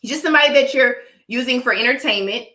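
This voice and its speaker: Here the same kind of livestream host talks fast in a high, bright, forceful voice, her sound bouncing around an echoey room. She has a dry cough from allergies, pushes her opinions emphatically, and keeps checking in with viewers by repeating "all right?"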